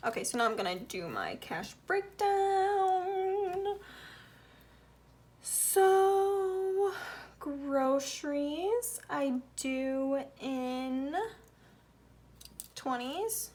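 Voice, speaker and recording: A woman's voice: high-pitched, very animated, extremely slow, long pauses, a little mellow. A woman with a Southern US accent talking through her budget in a casual vlog, counting bills aloud and sometimes murmuring the tallies under her breath. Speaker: budgeting vlogger.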